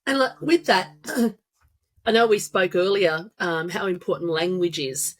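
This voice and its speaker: A woman with a fairly low voice leads the interview. She asks friendly questions that stop and restart, padded with "um"s as she works toward her point. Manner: friendly, halting questions with fillers. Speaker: podcast host. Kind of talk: interviewing a guest.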